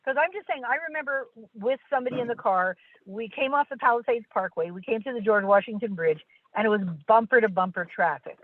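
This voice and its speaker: A woman on a tinny phone line tells animated anecdotes in a casual study session. She puts on other people's voices as she goes. The line is dry and close, with no room sound. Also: fairly high pitch, fairly quick, dry recording. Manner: animated storyteller, acts out other people's lines. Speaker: study partner. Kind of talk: casual Torah study discussion.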